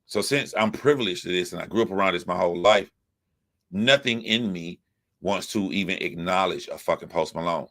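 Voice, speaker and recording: A man's voice: low-pitched, brisk, fairly bright tone. A young man from the United States giving profane, emphatic commentary, repeating his points as he rants. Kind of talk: ranting commentary.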